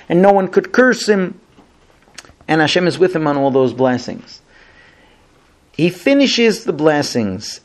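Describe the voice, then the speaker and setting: A man teaching a Torah lesson, retelling the story in an animated way and voicing the people he quotes. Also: high-pitched. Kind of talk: sermon-style Bible storytelling.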